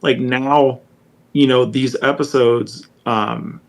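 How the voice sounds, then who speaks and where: A man's voice: mid-range voice, steady tone, slow, creaky. A man co-hosting a podcast, rambling through his points with lots of "you know" and "um". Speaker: podcast co-host. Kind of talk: casual podcast discussion.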